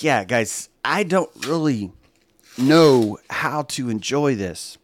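A man hosting a live stream, talking in a rambling, sarcastic monologue that swings from low mutters to loud exclamations. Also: expressive, measured pace, dry recording.

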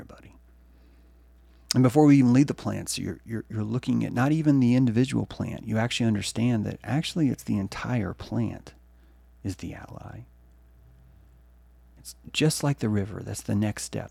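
A man's voice: fairly low pitch, vocal fry, dark tone, no room sound. A male podcast host giving a rambling, profane solo monologue.

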